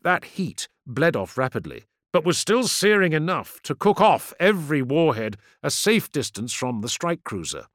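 Brief: animated male narrator, slightly high pitch, vivid dramatic audiobook reading. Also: normal speed, few pauses, no echo, studio quality.

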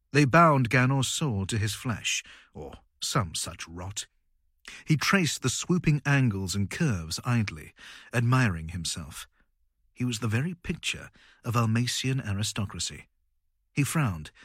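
A man reading a story aloud in a measured, dramatic way. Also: on the low side, fairly bright tone, husky, dry recording, studio quality. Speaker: audiobook narrator. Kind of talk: scripted narration.

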